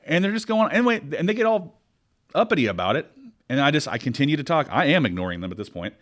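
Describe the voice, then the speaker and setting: Male podcast co-host, animated and emphatic, pitch that rises and falls widely, casual delivery. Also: fast talker. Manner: animated storytelling, rants with emphasis. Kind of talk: casual chat.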